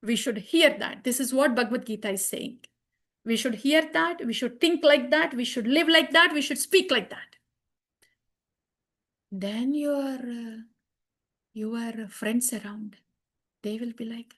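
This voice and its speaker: A woman's voice: a little high, a little slow, long pauses, fairly bright tone. A woman teaching a children's scripture class, chanting verses and repeating her points earnestly. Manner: earnest, repeats phrases, asks the class questions. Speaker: Bhagavad Gita teacher for children.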